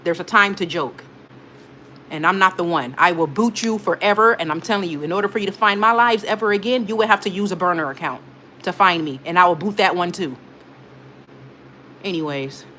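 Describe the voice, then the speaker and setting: A woman's voice: on the low side, a little fast, pushed and bright, a little hiss or hum. A woman hosting her own live stream, reading viewers' comments aloud and scolding rude commenters, emphatic and repeating herself for effect. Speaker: livestream host.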